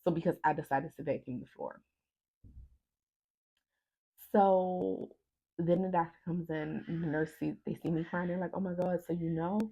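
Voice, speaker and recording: Young woman vlogger, husky and low, emotional storyteller who voices everyone in the story. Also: fairly even intonation, moderate pace, warm tone. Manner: emotional retelling, acts out other people's lines. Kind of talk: casual storytime vlog.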